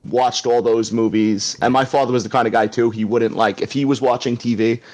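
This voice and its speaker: A man's voice: mid-range voice, steady tone, a little fast, darkish tone. Staten Island man chatting on a podcast. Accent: New York (Staten Island). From Staten Island, New York. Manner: laughs often, drops into movie-star impressions. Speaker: guest co-host. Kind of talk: casual podcast chat.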